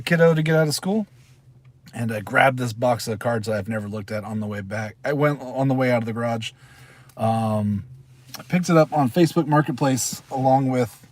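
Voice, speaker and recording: A middle-aged man hosting a casual live stream from his parked car, chatting and rambling as he reads out names. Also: medium pitch. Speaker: channel host.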